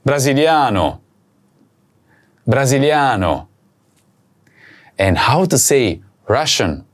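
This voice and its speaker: Guy teaching a language lesson, really slow and clear, repeats every word, bouncy voice. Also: mid-range voice, very animated, a little hiss or hum. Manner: slow, careful, repeats each word for practice. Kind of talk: recorded video language lesson.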